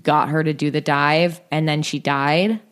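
A woman's voice: low voice, steady tone, unhurried, clean tone. A young woman hosting a podcast, telling a true story in a casual, chatty way, full of "like" and restarts, sounding tired. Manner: chatty, many likes and restarts. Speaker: podcast host.

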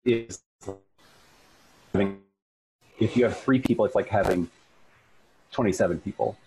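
A man with a low, husky voice recounts a personal experience in casual conversation. His talk is loose and chatty, packed with fillers and animated retellings. He has a lower voice than most men, with a husky grain. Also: measured pace, low-quality recording. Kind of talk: casual storytelling.

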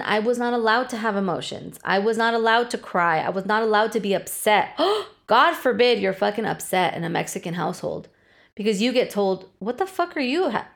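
Candid, profane woman podcaster in her thirties. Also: medium pitch. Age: 30s. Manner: candid, profane, emotionally open. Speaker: podcast host. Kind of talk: solo podcast monologue.

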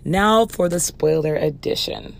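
A woman hosting a podcast movie review, hoarse from losing her voice, chatting casually. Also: low-pitched, a little slow, a little hiss or hum. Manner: chatty, with fillers and restarts. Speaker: podcast host.

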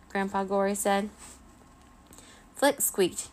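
A woman narrating a children's chapter book aloud, steady and expressive. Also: on the low side, normal speed, creaky. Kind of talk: children's storybook reading.

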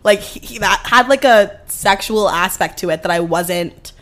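A young woman in her twenties, chatting casually as a podcast co-host. She tells her stories in an animated, rambling way full of fillers, with a pitch sitting in the middle of the usual range. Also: normal speed, poor audio. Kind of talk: casual chat.

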